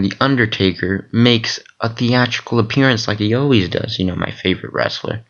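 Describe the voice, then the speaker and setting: A man telling a long rambling story in a casual vlog, excitable and full of fillers. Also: mid-range voice. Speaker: vlogger. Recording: dull lo-fi recording.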